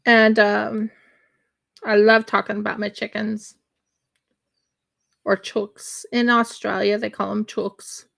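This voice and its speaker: A woman's voice: medium pitch, flat delivery, slow, gravelly, long pauses, a bit bright. A woman hosting her craft livestream, chatting casually and rambling with many fillers and restarts. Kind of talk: casual chat while crocheting on a livestream. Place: home in winter.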